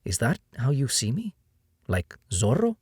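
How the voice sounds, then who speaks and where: A man voicing a proud jungle guide with a Spanish accent, gently teasing, read in an audiobook. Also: medium pitch, wildly swooping pitch, unhurried, husky, dry recording, studio quality, pitched above the performer's own voice, exaggerated voice.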